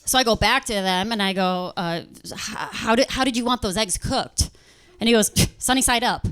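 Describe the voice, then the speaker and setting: On stage before a live audience, a young woman performs stand-up, telling a story and voicing customers and bosses in quick quoted bits. Her mid-range voice is clear, resonant, and fairly bright.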